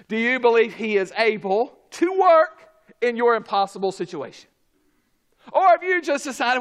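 A man preaching a sermon, swinging between loud emphatic shouts and quiet, low asides, with a drawn-out, deliberate delivery. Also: very animated.

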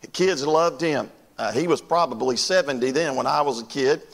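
A man's voice: mid-range voice, normal speed. An older man from North Carolina, preaching a sermon in a folksy storytelling way and talking straight to his congregation. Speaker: pastor.

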